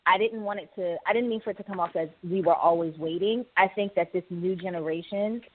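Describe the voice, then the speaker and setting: A woman's voice: on the low side, brisk. A woman filmmaker on a radio panel, speaking agreeably and reflectively. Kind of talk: panel discussion. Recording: tinny phone line.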